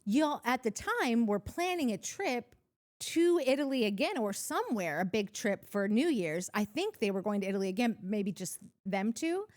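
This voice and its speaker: Young woman podcaster, kinda high voice, giggly, rambly, keeps restarting. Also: sing-song, moderate pace, darkish tone. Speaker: podcast co-host. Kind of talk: casual recap chat.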